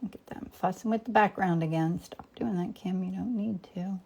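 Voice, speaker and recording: A woman in her fifties hosts a live painting demo, chatting casually on stream as she thinks aloud, greets viewers by name, and sometimes sinks to a near whisper while she works. Her husky voice sits at medium pitch with a dark tone and vocal fry, moving at a moderate pace.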